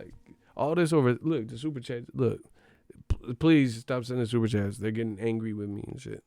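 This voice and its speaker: A man delivering a profane comedic rant, swinging between loud outbursts and hushed whispers. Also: medium pitch, fairly even intonation, normal speed, gravelly, dry recording, soft background music.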